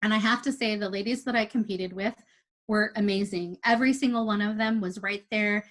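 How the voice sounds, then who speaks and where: A woman's voice: medium pitch, fairly quick. Chatty woman telling a story. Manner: chatty, animated retelling with quoted dialogue. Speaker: first-time amateur athlete. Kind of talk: casual storytelling.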